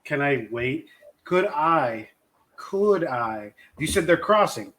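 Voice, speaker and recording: A man's voice: a little high, very animated, slow pace, fairly bright tone. A man playing a tabletop game, chatting casually, joking around and calling out his dice rolls. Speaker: player.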